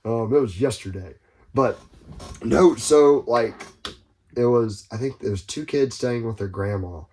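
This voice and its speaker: A man chatting on a podcast, his voice sitting in an ordinary middle register. He tells stories in a loose, rambling way, full of profanity and quick asides. He gets suddenly louder when a story excites him. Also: mid-range voice, slight background noise. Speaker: podcast co-host. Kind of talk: casual podcast banter.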